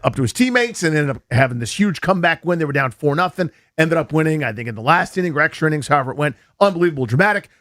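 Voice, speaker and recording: An American man hosting a sports radio show, telling rambling jokey stories in a casual studio chat. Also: a little high. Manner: animated, jokey, rambling storyteller. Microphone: studio microphone.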